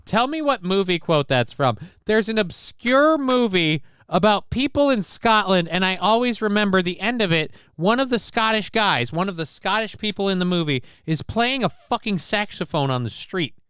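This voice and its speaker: A man's voice: sits high, animated, normal speed, hardly any pauses, a bit bright, clear, resonant tone, no echo, clean studio sound. A man hosting a livestream, chatting casually and reading out viewer comments in a rambling, profane, joking way. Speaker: livestream show host.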